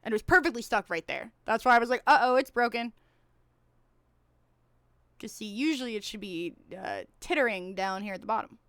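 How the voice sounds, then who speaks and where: A young woman with a high-pitched, squeaky voice, chatting casually and rambling on a live stream, swinging between loud and hushed. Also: fast, few pauses. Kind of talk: casual chat.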